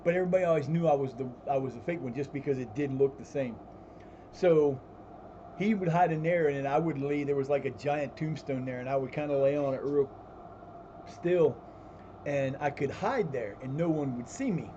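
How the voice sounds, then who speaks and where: A man's voice: mid-range voice, moderate pace, warm tone, highs cut off, slight background noise. A man casually telling rambling stories during a live stream at home, restarting his sentences and swearing freely. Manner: baby talk to his cat. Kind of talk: casual storytelling while gaming.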